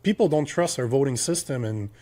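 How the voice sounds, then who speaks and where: A man's voice: medium pitch, expressive, brisk, a little mellow. A man in his forties with a French Canadian accent, French his first language, co-hosting a political podcast in an emphatic, ranting way full of rhetorical questions. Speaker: podcast co-host.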